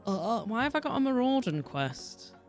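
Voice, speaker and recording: Her fairly high voice swings widely in pitch at a normal speed. She's a young Yorkshire woman from England streaming a game, chatting and rambling casually, swearing freely and laughing often over soft music.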